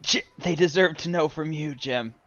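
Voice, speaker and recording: A man's voice: fairly high pitch, fairly bright tone, dry recording, dull audio, natural voice. A man voicing a weak, pleading ghost of a dying male adventurer, stammering and coughing. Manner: halting, coughing, stammering whispery pleas.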